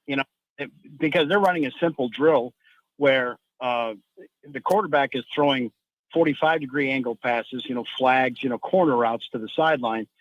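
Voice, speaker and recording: A man's voice: mid-range voice, no room sound, muffled recording. A man giving football analysis as a guest on a sports talk radio show, rambling and restarting often.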